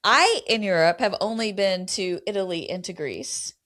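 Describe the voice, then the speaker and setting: A middle-aged woman, co-hosting a podcast, mixing casual chat with Bible teaching in an animated storytelling way. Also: mid-range voice, normal speed. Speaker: podcast co-host.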